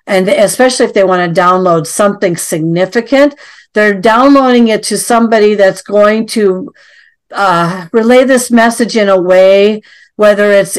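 A woman hosts a relaxed interview. She asks long, winding questions and fills the pauses with um and uh. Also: medium pitch, clean tone. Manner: rambling questions with fillers. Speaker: interview host. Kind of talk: casual interview.

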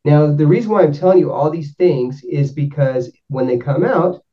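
A man's voice: fairly high pitch, moderate pace, recorded from a distance. A man from North Georgia tells a loose, rambling story. He often restarts his sentences and livens up when he quotes other people. He sits back from the mic on a dull, muffled recording. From North Georgia, USA. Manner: rambling, self-correcting, animated when quoting. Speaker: guest explaining spirit sessions. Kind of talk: casual storytelling.

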